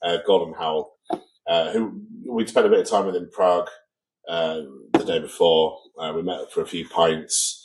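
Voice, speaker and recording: A man's voice: sits low, steady tone, normal speed, background noise. A man co-hosting a podcast, chatting casually and telling an anecdote, acting out what people said. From England. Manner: storytelling, acts out quoted people. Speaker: podcast co-host. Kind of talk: casual chat.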